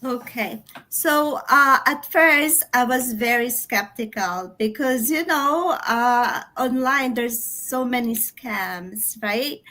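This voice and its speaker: A woman guest speaking in a casual conversation, hesitant and halting, with many restarts. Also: on the high side, sharp tone. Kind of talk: casual chat.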